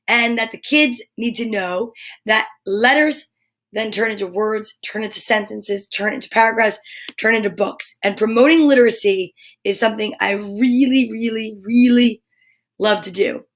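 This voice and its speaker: A woman hosts a live story time stream from home, her voice sitting a bit high. She chats with her audience in a bubbly, playful way and reads tongue twisters aloud. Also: moderate pace, fairly bright tone. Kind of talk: casual chatty live stream to viewers.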